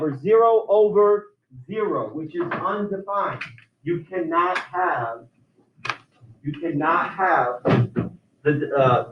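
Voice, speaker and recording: A man with a fairly high voice lectures his algebra class step by step. He often restarts his sentences. The sound is roomy and distant, as if he is recorded from across a classroom on a muffled, lo-fi mic. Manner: explains step by step, with many restarts. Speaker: math teacher.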